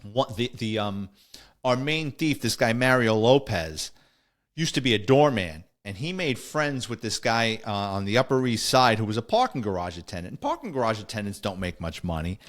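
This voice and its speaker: A man's voice: fairly low pitch, normal speed. A middle-aged man, hosting a podcast and telling stories in a casual, wisecracking way, acting out the voices of the people in them. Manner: animated, wisecracking, acts out quoted voices. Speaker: podcast host. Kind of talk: casual storytelling.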